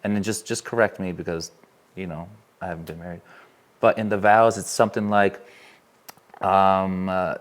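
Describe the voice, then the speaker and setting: With a low-pitched, steady voice, a moderate pace and long pauses, a man leads a workshop for a small in-person audience in a room. Earnest and candid, he recounts something personal and asks the room questions.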